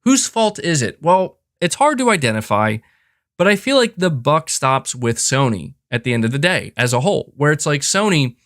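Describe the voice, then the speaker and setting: A man's voice: a little high, big pitch swings, normal speed, fairly bright tone, no room sound, studio quality. A man hosting a podcast, giving casual opinion commentary in an emphatic, passionate rant. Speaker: podcast host.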